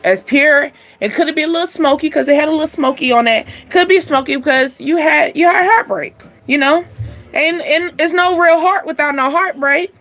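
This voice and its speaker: High-voiced woman giving a chatty reading. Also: normal speed, soft background music. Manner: animated, chatty, laughs often, slangy. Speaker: spiritual reading channel host. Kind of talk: casual spiritual card reading.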